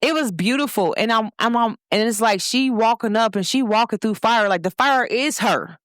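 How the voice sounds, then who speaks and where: A woman from Cincinnati hosting her own show, talking casually and warmly to viewers, repeating points and calling them "y'all". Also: a little high, moderate pace, hardly any pauses, no echo, studio quality. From Cincinnati, Ohio. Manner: lively, repetitive, speaks directly to listeners with "y'all". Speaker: host. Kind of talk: casual motivational talk to viewers.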